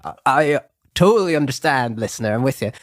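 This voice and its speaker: A man co-hosting a film review show, chatting casually in a rambling, animated way that acts out quotes. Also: mid-range voice, a little fast, no echo, studio quality. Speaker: film review podcast co-host. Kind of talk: casual chat.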